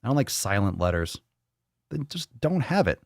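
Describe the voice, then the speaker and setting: A man with a low voice hosts a fitness live stream and chats casually. He rambles and jokes, and he swears freely. The sound is dry and close, with no room echo. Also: sing-song, moderate pace, vocal fry. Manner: rambling, joking, profane. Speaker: fitness livestream host.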